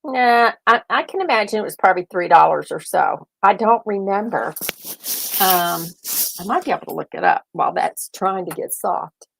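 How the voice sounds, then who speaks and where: A woman's voice: medium pitch, moderate pace, vocal fry, husky. An older woman hosting a casual live stream, rambling and thinking aloud as she chats. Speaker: host.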